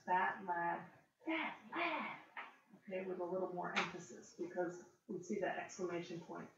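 A woman tutoring a reader one-on-one, patient and encouraging, explaining words slowly. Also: on the low side, a little hiss or hum. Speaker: reading tutor. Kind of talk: one-on-one reading lesson. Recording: distant, echoey, dull-sounding room recording.

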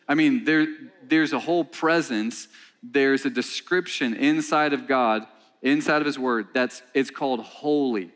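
Male pastor, mid-pitch, animated sermon delivery with lots of call-and-response asides. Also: unhurried. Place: church sanctuary.

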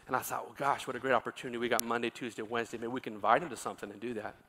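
A middle-aged male pastor preaching a sermon, telling a story quietly, then rising into loud, impassioned exhortation. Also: medium pitch, flat delivery, rapid-fire, a little hiss or hum.

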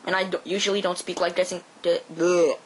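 A man from Quebec with a Quebec French accent, a native French speaker, giving casual gameplay commentary and bursting into high yelps and swearing. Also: flat delivery, a little fast, a little hiss or hum, rough recording. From Quebec, Canada.

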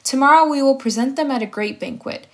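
Woman reading out a bossy old greek nobleman, high-ish voice, very formal. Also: quick pace. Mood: indignant. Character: proud demanding ancient Greek nobleman.

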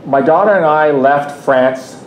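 Man in his fifties, echoey lecture room. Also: measured pace. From Canada. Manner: conversational, restarts often, reflective asides. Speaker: guest speaker. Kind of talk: public talk with personal storytelling. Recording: echoey room, faint rumble.

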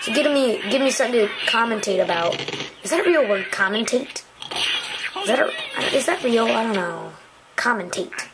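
A young woman casually commentating a video game for her channel, goofy and chatty, often yelling a silly catchphrase. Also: fairly high pitch, very animated, a little fast, heavy background noise. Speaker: gaming channel host. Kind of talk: casual let's-play commentary.

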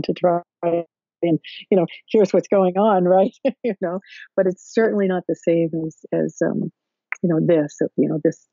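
Brief woman therapist guest, gravelly and husky, unhurried careful explainer, dull lo-fi call audio. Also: on the low side, dark tone, dry recording. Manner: thoughtful, explains in careful steps with many fillers. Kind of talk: explanatory interview talk. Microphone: video call.

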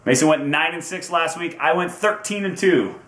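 A man's voice: fairly high pitch, moderate pace, a bit bright. A man hosting a casual football predictions video, upbeat and teasing, stretching out team names for fun. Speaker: host of a sports picks video. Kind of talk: casual sports predictions chat. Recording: echoey room.

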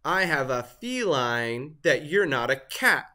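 A storybook reader voicing a friendly male farm rooster with a loud crowing voice. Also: medium pitch, very animated, slow pace, heavily acted. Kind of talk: storybook read-aloud.

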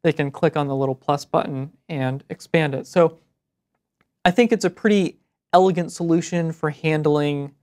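A man co-hosting a web development show, explaining tools in a relaxed way. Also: a little high, moderate pace. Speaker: co-host. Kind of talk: casual tech show chat.

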